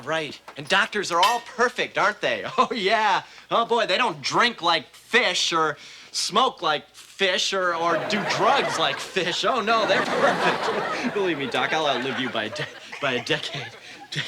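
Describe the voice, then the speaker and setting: A man's voice: fairly high pitch, very noisy, close to an everyday voice. Actor playing a goofy, melodramatic man-child. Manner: silly, rambling, melodramatic. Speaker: sitcom lead. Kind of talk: sitcom acting. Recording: TV sitcom audio with laugh track.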